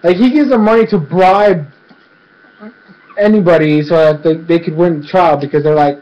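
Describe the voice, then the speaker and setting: Rambling, fairly high-voiced man recapping. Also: normal speed, a little mellow, dull audio. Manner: rambling, filler-heavy, acts out quotes. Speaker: cartoon episode reviewer. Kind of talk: casual recap review.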